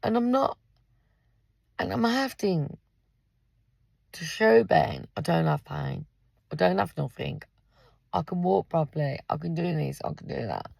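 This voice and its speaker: An English woman in her fifties, a parent and carer, rants angrily in a vlog from her car in a car park. Her gravelly, husky voice is lowish, animated and slightly mellow, a little slow with long pauses, in a dry recording with no room sound. She is blunt, swears freely and speaks directly to her listeners.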